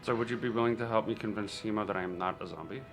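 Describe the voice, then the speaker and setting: A man's voice: lowish voice, steady tone, rapid-fire, faint music behind. A man playing his character in a tabletop game. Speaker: player. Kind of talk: in-character tabletop role-play.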